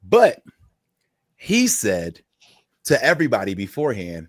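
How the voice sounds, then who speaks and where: This podcast co-host speaks on the low side at a moderate pace, animatedly recounting stories in relaxed chat. He performs the voices of whoever he's quoting, captured in a dry, studio-quality recording.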